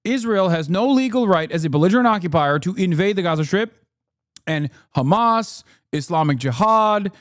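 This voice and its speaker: A male streamer giving heated, profane reaction commentary, talking fast with many fillers. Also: high voice, no room sound, studio quality.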